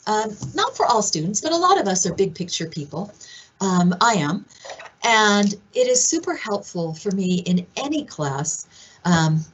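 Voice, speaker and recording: A woman presenting at a conference, telling stories in an animated way and acting out the quoted voices. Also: medium pitch, a little slow, lo-fi sound, a little hiss or hum. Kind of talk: conference talk.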